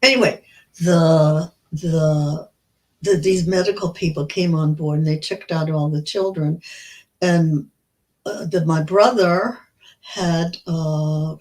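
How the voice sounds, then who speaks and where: Older woman, 90s, interview guest; slow, halting storyteller, frequent restarts. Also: deep voice, fairly even intonation, a little mellow, low-quality recording. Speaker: Holocaust survivor guest. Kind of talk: recounting memories in an interview.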